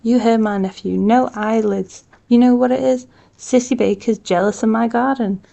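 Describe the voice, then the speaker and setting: A woman voicing a feisty, bossy older woman who argues loudly. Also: mid-range voice, fairly even intonation, normal speed, close to an everyday voice. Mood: defiant.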